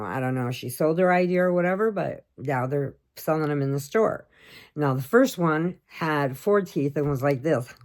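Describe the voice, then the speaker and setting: A middle-aged woman chatting casually to camera, telling a funny family story and acting out what everyone said. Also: deep voice. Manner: chatty storyteller, animated quoting of others. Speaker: crochet vlogger.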